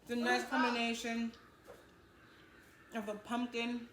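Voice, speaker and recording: A woman's voice: on the high side, flat delivery, a little fast, pauses often, a bit bright, echoey room, a little hiss or hum. A woman hosting a casual home baking show, chatty and upbeat as she walks viewers through each step. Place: home kitchen.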